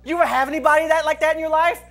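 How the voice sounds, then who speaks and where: A man's voice: extremely high pitch, fairly even intonation, very fast, fairly bright tone. A man preaching a humorous sermon at a church service, telling stories with frequent laughter and mimicking his friends' voices. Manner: playful storytelling with frequent laughter and voice imitations. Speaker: pastor.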